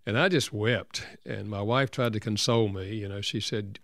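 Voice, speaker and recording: An older man, a counselor and author, telling a personal story as an interview guest in an earnest, gentle way. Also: lowish voice, moderate pace, vocal fry, few pauses, dry recording, clean studio sound.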